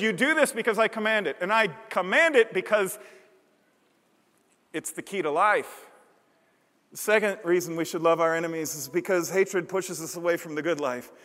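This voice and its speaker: Man, pastor preaching, high and bright voice, earnest repeated build-ups. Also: long reverb tail. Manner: earnest, building repetition and emphasis. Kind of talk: sermon.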